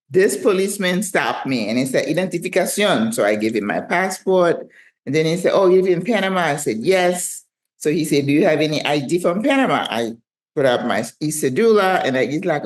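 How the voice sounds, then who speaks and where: A woman in her sixties with a French accent, telling a travel story to camera from her living room in a chatty, self-teasing way. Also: deep voice. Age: 60s. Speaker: retirement travel vlogger.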